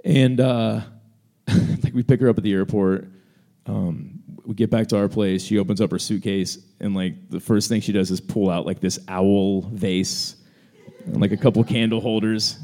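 A man's voice: fairly low pitch, fairly even intonation, moderate pace, mellow. A young man co-hosting a live event, telling a story casually with lots of fillers and restarts, speaking into a stage microphone. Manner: rambling, many fillers and restarts, acts out quoted voices. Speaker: co-host answering audience questions.

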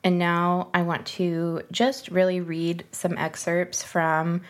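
A woman co-hosting a podcast in relaxed conversation, who also reads excerpts aloud. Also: lowish voice, takes it slowly. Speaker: podcast co-host. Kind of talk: casual chat.

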